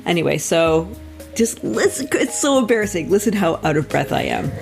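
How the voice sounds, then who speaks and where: A woman's voice: on the low side, sing-song, moderate pace, gravelly, a little mellow, soft background music. A middle-aged woman comedian hosting a podcast, chatting casually in a rambling, self-deprecating way and laughing often.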